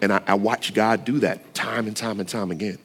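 A man's voice: on the low side, fairly quick, slightly rough. A man preaching a casual, conversational sermon, often checking in with the listeners and adding light self-deprecating humor. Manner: conversational, lively, asks the room often. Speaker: pastor.

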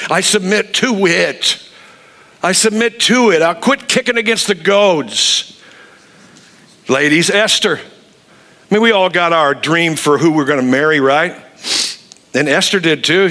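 Male pastor, higher-pitched bright voice, animated sermon delivery with acted-out voices. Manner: animated preaching, acts out quoted voices.

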